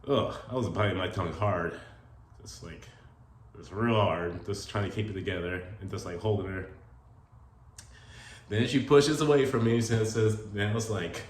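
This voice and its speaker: A man's voice: fairly low pitch, moderate pace. A man telling personal stories in a casual, rambling way, full of "like" fillers and emotion. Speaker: vlogger telling stories about his late partner. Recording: roomy echo with faint ambient noise.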